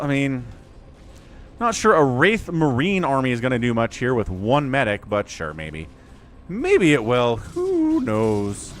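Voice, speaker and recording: A man's voice: medium pitch, a bit bright. An American man giving casual, joking livestream commentary on a strategy game and chatting with viewers. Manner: chatty, joking, reads chat aloud.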